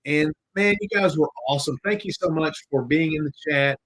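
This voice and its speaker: Husky-voiced man rambling on a podcast. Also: a little high, fairly quick, a bit bright, rough recording. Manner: rambling, jokey, swears casually. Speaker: podcast host. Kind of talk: casual live-stream chat.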